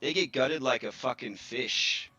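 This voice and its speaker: A man's voice: mid-range voice, a little slow, pushed and bright, husky, highs cut off, soft background music. A man voicing a rowdy, crude crowd-rouser at a pit fight, taunting and bellowing to the crowd in a tabletop game.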